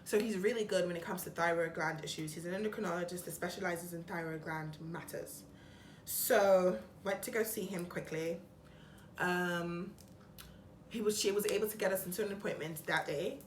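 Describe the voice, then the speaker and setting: A young woman vlogging about her own experience, chatty and a bit dramatic, acting out what people said to her. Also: fairly low pitch. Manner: chatty, dramatic, quick retellings with lively quoted voices. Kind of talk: personal storytelling vlog. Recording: roomy echo with faint background hum.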